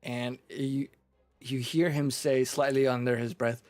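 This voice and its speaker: A man's voice: mid-range voice, fairly quick, soft background music. Man running a tabletop game, explaining rules. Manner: relaxed, explains rules step by step. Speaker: game master. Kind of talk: narrating and ruling a tabletop game.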